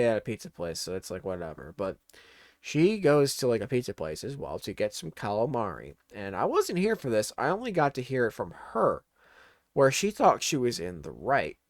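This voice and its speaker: A man in his twenties doing a casual comedy monologue, laughing often and swearing. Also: medium pitch.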